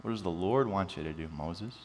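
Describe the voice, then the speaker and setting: Pastor guy preaching, lowish voice, big echoey church hall, bit of hum. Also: fairly quick. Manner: animated preaching with jokes, drops to quiet emphasis. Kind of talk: sermon. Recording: long reverb with mains hum.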